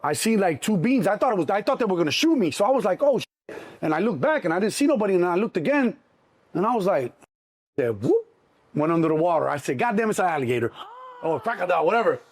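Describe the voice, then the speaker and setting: A middle-aged man with a Chicago accent, telling a story in an interview, animated and swearing freely, acting out the other voices. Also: high-pitched, quick pace. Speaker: interview guest. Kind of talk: casual storytelling.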